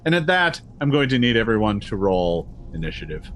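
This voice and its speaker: A man's voice: lowish voice, big pitch swings, brisk, background noise. A man running a tabletop game as game master, narrating scenes and laughing often.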